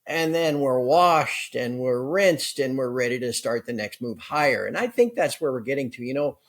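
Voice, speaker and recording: A man speaking as a guest analyst in a conversational interview, brisk and explanatory. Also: medium pitch, lively intonation. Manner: brisk, explanatory, with occasional laughs.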